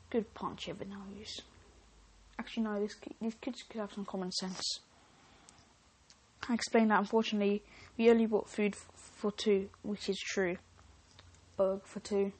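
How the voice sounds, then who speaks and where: A woman's voice: mid-range voice, slightly rough. A woman podcast host reading online stories aloud, with chatty, joking asides and frequent self-interruptions.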